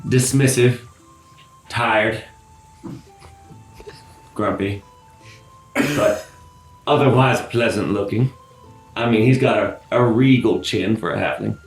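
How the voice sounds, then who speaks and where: A man playing a tabletop game, describing his character in a slow, dry, grumbling way. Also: on the low side, roomy sound, faint music behind. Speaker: player.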